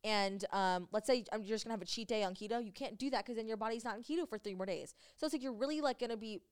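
Fast, smooth-voiced young woman chatting. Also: fairly high pitch. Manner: chatty, filler-heavy, breaks into laughter. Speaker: podcast co-host. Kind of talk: casual chat.

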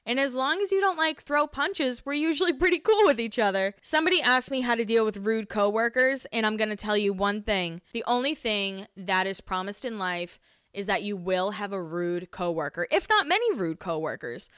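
A woman's voice: mid-range voice, lively intonation, moderate pace, fairly bright tone, clear, resonant tone, dry recording, clean studio sound. A woman in her late twenties, telling stories in casual chat, candid and laughing easily, with frequent swearing. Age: 20s. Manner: chatty and candid, swears freely, laughs often. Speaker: podcast host.

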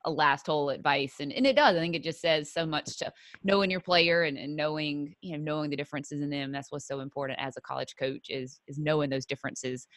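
Low bright voice, chatty podcast host lady, lots of ums, dry room. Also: a little fast, no echo. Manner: chatty, many fillers. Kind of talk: casual interview chat.

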